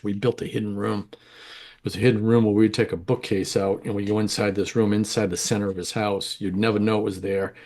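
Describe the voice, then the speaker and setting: Middle-aged male interview guest, low register, casual and frank, talks in loose run-on stories. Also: a little mellow. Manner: rambling, candid, self-correcting. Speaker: interview guest, home grower.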